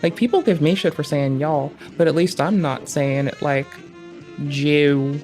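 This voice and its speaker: A slightly high-voiced man talks over a stream in loose, profane commentary. He rambles and drifts between thoughts, full of slang. Faint music plays behind him. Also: normal speed, a little mellow. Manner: rambling, digressive, heavy slang and swearing. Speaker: streamer reacting to a debate.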